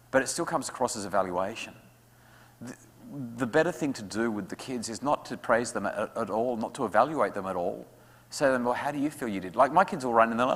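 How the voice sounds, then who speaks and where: A man speaking to parents at an evening talk, lively and acting out what his kids say. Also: mid-range voice, fairly quick. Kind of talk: talk to an audience with questions. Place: school hall. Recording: hall reverb.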